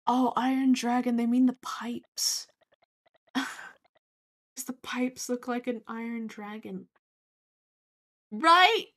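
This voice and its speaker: A young woman streaming a game, talking casually and swearing freely, with loud outbursts at enemies. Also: on the high side, level tone, takes it slowly, long pauses. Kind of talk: casual gameplay commentary. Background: faint game music.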